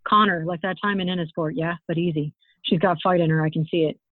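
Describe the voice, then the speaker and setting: A gruff, commanding thug leader barking orders in rough slang, as a woman reading her story puts him on. The sound is thin and phone-like, with a dry, close feel and no room around it. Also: lowish voice, fairly even intonation, fast, no echo, natural voice. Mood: warning. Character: gruff male thug boss, weary and blunt.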